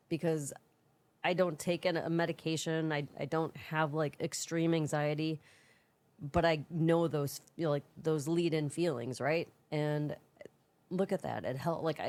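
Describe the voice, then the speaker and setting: A woman's voice: deep voice, a little mellow. A woman co-hosting a podcast, telling a long, rambling story in casual chat. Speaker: podcast co-host.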